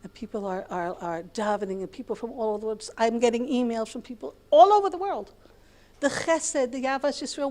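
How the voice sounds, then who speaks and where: Her voice is on the high side and mellow, and she speaks fairly quickly. This middle-aged American woman is teaching a Torah class as a lecturer, weaving a lengthy family story full of repetition and Hebrew words.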